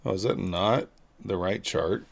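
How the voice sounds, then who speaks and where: A man casually talking through his own trades on a live stream, low-key and muttering his thoughts aloud. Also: measured pace, creaky. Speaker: livestream futures trader.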